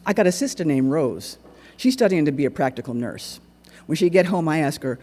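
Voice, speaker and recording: A man performs a dramatic monologue on a stage, telling the story with lively, swooping rises and falls. His voice is dark and husky, and the long reverb of a large hall trails behind it. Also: fairly high pitch, a little fast. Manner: animated dialect storytelling. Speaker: solo performer. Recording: echoey hall recording.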